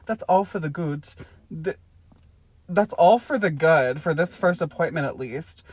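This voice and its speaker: A woman's voice: low voice, lively intonation, measured pace, a little mellow, slightly rough, dry recording, exaggerated voice. A woman reading the lines of a prim, flirtatious female doctor in a comic book reading, in a lightly acted voice close to her own. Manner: read plainly from the page, lightly acted.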